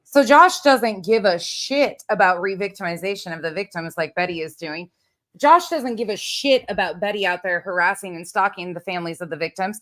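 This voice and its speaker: A woman hosts a recap commentary, cutting in bluntly and sarcastically over played clips. Her voice is mid-pitched. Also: moderate pace, fairly bright tone. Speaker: commentary host.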